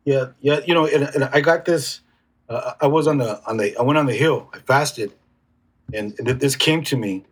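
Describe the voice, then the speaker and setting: A man speaking as an interview guest, reflective and halting, with frequent restarts. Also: mid-range voice, slightly rough. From United States. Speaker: guest healer. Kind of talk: casual conversational interview.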